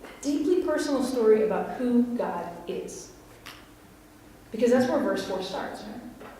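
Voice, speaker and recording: Woman pastor, West Virginian accent, fairly high voice, conversational sermon, echoey church hall heard from a distance. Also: lively intonation, a little slow, mellow, a little hiss or hum. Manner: conversational, laughs and asks the congregation questions. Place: church sanctuary.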